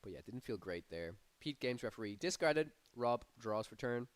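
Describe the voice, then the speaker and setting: Smooth-voiced man casting a card game. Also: mid-range voice, normal speed, dry recording. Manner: energetic, rising excitement on big plays. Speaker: tournament caster. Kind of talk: live play-by-play commentary.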